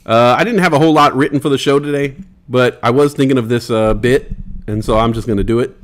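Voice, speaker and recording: A man's voice: medium pitch, fast talker. A man hosting a casual livestream in a laid-back way, reading chat aloud and laughing easily. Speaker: livestream host.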